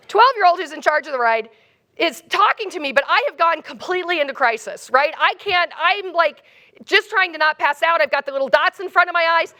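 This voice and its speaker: A woman keynote speaker telling a funny personal story in an animated, comic way. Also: extremely high pitch, normal speed.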